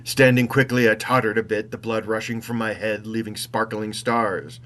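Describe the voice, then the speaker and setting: A man narrating his own travel story in the first person, reflective and meandering, with wry asides and unhurried self-corrections. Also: fairly low pitch, little pitch movement, a bit bright.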